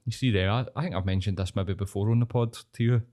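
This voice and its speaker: A man's voice: lowish voice, fast, dark tone. A Scottish man co-hosting a podcast, rambling through stories with lots of swearing. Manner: rambling, swears a lot, laughs often. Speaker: podcast co-host. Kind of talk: crude casual banter.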